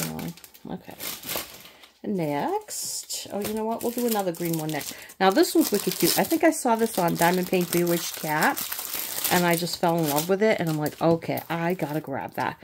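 A middle-aged woman with a slightly low voice talks through her unboxing in a tired, rambling way, stopping and restarting as she thinks aloud. A faint hiss sits under the recording, with packaging crinkling now and then. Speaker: crafting channel host. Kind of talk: casual unboxing chat.

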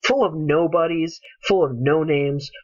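A man's voice: fairly high pitch, measured pace, no room sound. Heated, cursing man on lo-fi audio. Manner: angry, profane, passionate. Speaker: YouTuber ranting about a game. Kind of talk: heated solo rant. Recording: dull lo-fi home recording.

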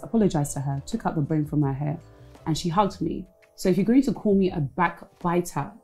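A woman's voice: low-pitched, warm tone, poor audio. A woman, a former reality show contestant, talking frankly in a casual interview and slipping Igbo phrases into her English.

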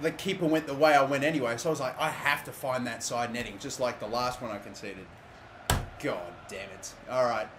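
A young Australian man giving live, excitable commentary on a football video game, swearing often and shouting at big moments. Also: mid-range voice, slight background noise. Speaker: gaming YouTuber.

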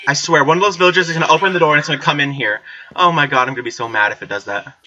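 A woman's voice: low-pitched, racing, sharp tone, slight background noise. A woman doing let's play commentary, chatty with herself and screaming and swearing whenever she gets startled. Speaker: gamer. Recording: slightly dull lo-fi recording.

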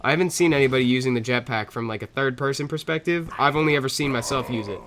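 A man's voice: medium pitch, fast, fairly bright tone, a little hiss or hum. A young man with a stuffy nose from a cold, giving casual gameplay commentary and chatting at the game and other players.

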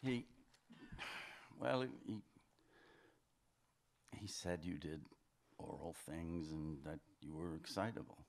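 A man's voice: a bass voice, expressive, takes it slowly, vocal fry, pauses often, exaggerated voice. A man reading as a hesitant, defensive husband. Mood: reluctant. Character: defensive husband, brooding and evasive. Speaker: fiction author reading aloud. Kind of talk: literary reading, acted dialogue.

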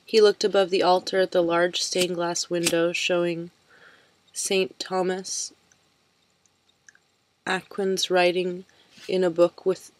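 Low-voiced woman reading a novel aloud. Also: little pitch movement, takes it slowly, long pauses, low-quality recording. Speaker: reader.

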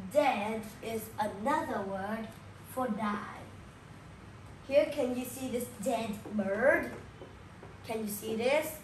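A woman speaks very slowly as she teaches young children, saying each new word again and again and checking in with questions. Her voice sits a little high. The room is echoey, with a faint hum of ambience behind her. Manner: repeats key words slowly, asks the listener questions. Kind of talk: slow classroom explanation for young children.

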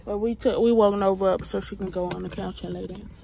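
A woman's voice: mid-range voice, fairly even intonation, fast, gravelly, mellow, slight background noise, low-quality recording. A young woman chatting casually to her phone camera on a porch at night, slangy and laid-back. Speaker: vlogger.

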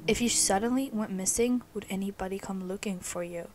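A young woman playing a horror game alone in a dark basement, jumpy and scared, often swearing and screaming. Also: mid-range voice, brisk, slight background noise. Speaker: gaming video creator.

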